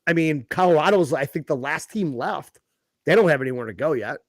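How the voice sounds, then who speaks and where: A man with a somewhat high voice chats on a podcast, rambling and profane as he gets heated over the topic. The sound is close and dry, with no room around it. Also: animated, brisk, dry recording. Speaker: podcast co-host. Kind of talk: casual chat.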